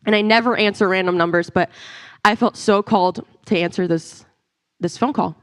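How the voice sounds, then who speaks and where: A woman's voice: mid-range voice, moderate pace, smooth. A woman giving an emotional personal testimony in church, close to tears and acting out the dialogue she retells. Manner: tearful, expressive, acts out quoted dialogue. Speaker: church speaker sharing a testimony. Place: church sanctuary.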